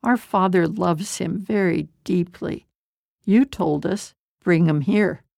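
Storybook: woman voicing a grown man begging earnestly, slow and raspy-edged, dry. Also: fairly low pitch, darkish tone, dry recording. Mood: pleading. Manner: earnest, pleading. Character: Judah, grown man pleading for his brother.

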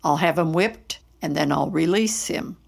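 A woman's voice: low-pitched, measured pace, gravelly, exaggerated voice. A woman voicing a male Roman soldier who gossips in a matter-of-fact tone. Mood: gossiping.

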